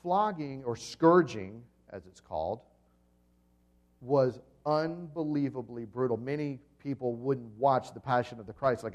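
A pastor preaching a sermon to his congregation, telling the story vividly, swinging between loud and soft, and asking the listeners questions. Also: medium pitch, unhurried. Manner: dramatic storytelling with swings in volume.

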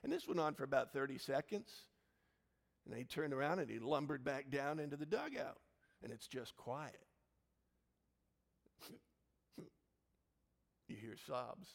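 A male pastor preaches from his church, telling stories with sudden loud exclamations. His voice sits at a middle pitch with a gravelly, creaky texture. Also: unhurried, long pauses, big-room sound. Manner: warm storytelling with lively swings into loud exclamations. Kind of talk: sermon.

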